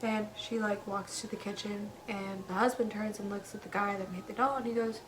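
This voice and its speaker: A woman casually retelling a spooky story in an animated way, acting out the characters' quoted lines with lots of "he goes" and "like". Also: mid-range voice, brisk, hardly any pauses, music in the background, rough recording.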